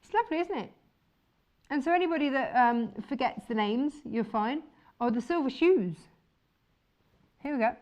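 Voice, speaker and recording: A woman's voice: sits high, lively intonation, moderate pace, pauses often, a little mellow, highs cut off. A woman presenting fabrics on a shopping channel, chatty and enthusiastic. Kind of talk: chatty live sales presentation.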